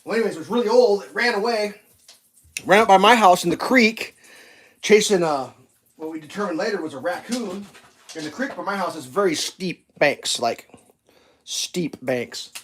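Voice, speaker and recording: A man casually telling rambling dog stories while cooking breakfast on a stream, animated and laughing at his own tales. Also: sits high, moderate pace.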